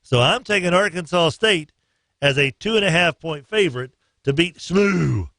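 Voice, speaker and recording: A man's voice: fairly high pitch, animated, normal speed, bright, forceful tone, no echo, studio quality. Upbeat man hosting sports radio. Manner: loose, joking, sings snatches of songs. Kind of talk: morning radio sports picks. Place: radio studio.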